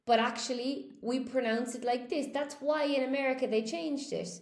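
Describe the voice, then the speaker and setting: A woman's voice: sits high, steady tone, normal speed, a little mellow, roomy sound. A woman teaching a live online English lesson, chatting and answering viewer comments as she goes, often repeating words for emphasis.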